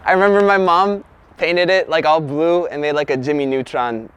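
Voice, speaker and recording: A young man vlogging outdoors at his childhood home, talking in an excitable, slangy way full of "like" and "bro.". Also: on the high side, moderate pace, clean tone, muffled recording. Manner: excitable, slangy, lots of 'like' and 'bro'. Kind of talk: casual on-location vlog. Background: guitar music.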